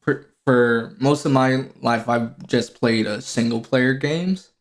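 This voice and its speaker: A man's voice: mid-range voice, fairly even intonation, takes it slowly. A young man co-hosting a podcast, chatting casually, teasing and asking questions. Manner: teasing, asks lots of questions. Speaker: podcast co-host. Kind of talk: casual chat.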